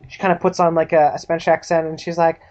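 A woman improvising a comedy TV pitch, rambling, full of fillers, and animated. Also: quick pace. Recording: slightly dull lo-fi recording.

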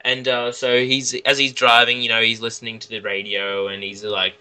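A man telling a made-up comic film plot in casual, rambling chat, with lots of restarts and deadpan jokes. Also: medium pitch, normal speed, smooth, rough recording. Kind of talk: casual comedic storytelling.

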